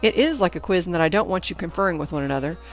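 A woman voices a stern female junior high teacher in a storybook reading, giving her class brisk, commanding instructions. Her intonation is lively, with faint music in the background.

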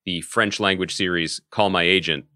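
A man's voice: low-pitched, normal speed, no echo, clean studio sound. A man co-hosting a podcast, chatting casually and riffing with jokes. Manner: joking, animated riffs. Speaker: podcast co-host. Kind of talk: casual chat.

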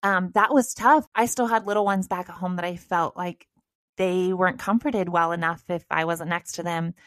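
A woman's voice: lowish voice, normal speed, a bit bright, dry recording, studio quality. A woman in her thirties co-hosting a podcast, talking to listeners in a casual, encouraging and direct way. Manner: encouraging, direct, addresses listeners as "girl" and "you guys". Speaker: podcast co-host. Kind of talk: casual motivational chat.

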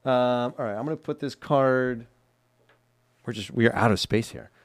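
Speaking at a normal speed in a mid-range voice, a male co-host of a holiday podcast reads listener cards in a chatty, laugh-filled way. The studio recording, made on a studio microphone, is dry.

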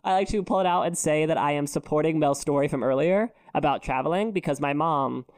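A non-binary podcast co-host chatting casually, rambling through stories with lots of "like" and quick asides. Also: mid-range voice, a little mellow. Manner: rambling storyteller, heavy use of "like". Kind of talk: casual chat. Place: podcast recording.

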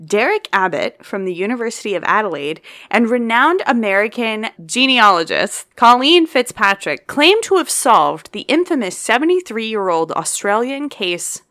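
Bright animated woman podcast cohost, playful, laughs a lot. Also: fairly high pitch, normal speed, few pauses. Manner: playful, laughs often, reads notes aloud. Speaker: podcast co-host quizzing her partner. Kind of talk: casual chat.

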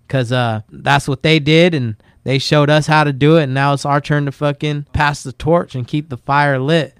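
A man's voice: on the high side, fairly even intonation, moderate pace, smooth, dry recording, studio quality. A man talking casually on a podcast, laid-back and rambling, swearing a lot as he tells skate stories. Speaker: guest skateboarder.

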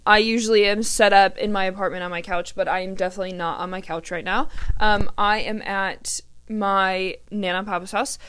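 A woman's voice: on the low side, fairly bright tone, smooth, no echo. A woman, hosting a casual podcast and chatting freely with many ums and a little swearing. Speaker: podcast host. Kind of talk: casual chat. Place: grandparents' house.

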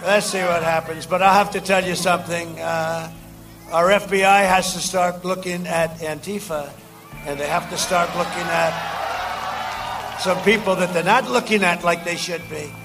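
Rally speaker, male, high voice, loose and repetitive delivery, raises his voice to reach the crowd, faint music behind. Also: fairly even intonation, a little slow. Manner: rambling, repeats phrases, shouts to the crowd. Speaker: president speaking at a campaign rally. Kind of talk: campaign rally speech. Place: campaign rally.

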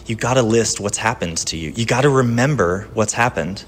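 Animated male pastor preaching. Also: lowish voice, fairly quick, slight background noise. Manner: conversational, personal storytelling with shifts from lively to hushed. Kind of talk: sermon.

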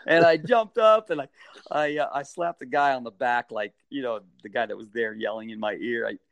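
A middle-aged man who performs as a stadium mascot tells a story as a guest in a casual interview. He's animated and fairly quick, with a creaky voice that leaps into high-pitched bursts when he acts out what people said. There's no echo.

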